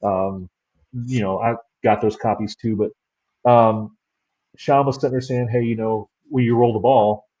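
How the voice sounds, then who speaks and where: A male guest who investigates the paranormal tells loose, rambling stories in a relaxed chat. His voice is mellow and a little husky. It comes through in slightly dull, lo-fi sound. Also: on the low side, unhurried. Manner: rambling storyteller. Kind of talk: casual interview chat.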